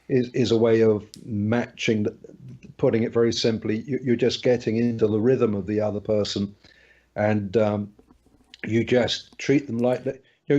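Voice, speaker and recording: A man's voice: fairly low pitch, dark tone. A man, a hypnotist interviewing a guest over a video call, who talks with many restarts and coaxing tag questions. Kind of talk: casual interview chat. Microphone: video call over Skype. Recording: dull video call audio.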